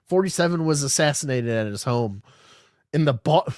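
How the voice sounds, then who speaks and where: A podcast host with a fairly high, expressive, slightly mellow voice talks at normal speed in a dry, studio-quality recording. On his casual podcast he reads news aloud and riffs on it, rambling, sarcastic and swearing often.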